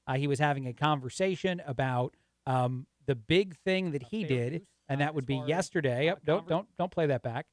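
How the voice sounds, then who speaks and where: A man's voice: a little high, fast, no echo, clean studio sound. Casual man hosting talk radio. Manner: casual, laughs often, rambling. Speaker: guest radio host.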